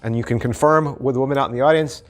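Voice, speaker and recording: A middle-aged man hosting a channel, giving a casual, animated review of a magic trick and repeating phrases for emphasis. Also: medium pitch, rapid-fire, soft background music. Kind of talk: casual product review to camera.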